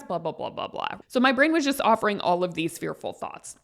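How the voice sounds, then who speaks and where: A woman podcast host telling a personal story in a casual, animated, gushing way. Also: on the low side. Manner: animated, gushing, quick bursts of excitement.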